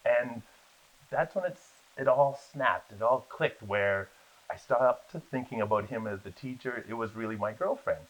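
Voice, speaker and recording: A man telling lively stories about his acting career in a casual interview, acting out the people in them. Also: mid-range voice, a little slow. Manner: animated storyteller, acts out voices in his anecdotes. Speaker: guest, actor. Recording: dull lo-fi sound.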